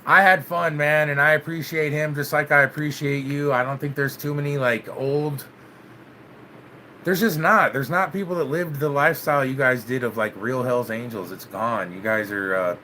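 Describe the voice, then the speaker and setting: Casual male host, laid-back and profane, bright tense tone, light background hiss. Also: medium pitch, normal speed. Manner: laid-back, swears, keeps saying "man". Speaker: channel host. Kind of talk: casual vlog chat with live viewers.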